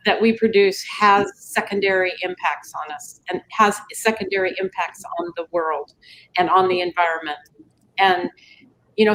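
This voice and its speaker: A woman's voice: medium pitch, a little hiss or hum, low-quality recording. A woman speaking as a panelist, talking in a conversational way with many fillers. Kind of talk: panel discussion.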